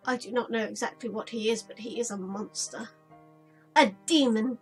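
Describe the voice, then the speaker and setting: A woman's voice: fairly high pitch, moderate pace, slightly rough, faint music behind, poor audio. A woman playing through a visual novel, reading the narration and journal entries aloud dramatically and breaking off for casual chat. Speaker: let's play gamer.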